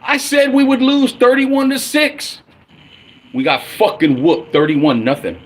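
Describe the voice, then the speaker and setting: A man's voice: very high voice, a little slow. A man in his forties ranting angrily and profanely as a fan on his own livestream. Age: 40s. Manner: angry, profane, blunt. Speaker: livestream host.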